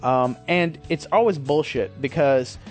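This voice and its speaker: A man's voice: mid-range voice, unhurried, soft background music. A man hosting his podcast in a rambling, self-deprecating casual monologue, swearing freely. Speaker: podcast host.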